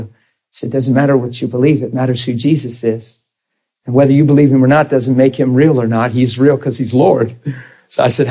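A man's voice: medium pitch, mellow, breathy edge. A man, preaching a sermon and telling a story while acting out the dialogue.

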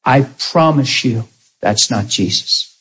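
A man preaching a sermon to a congregation, telling a story with animated delivery and loud laughing outbursts. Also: mid-range voice, takes it slowly, husky.

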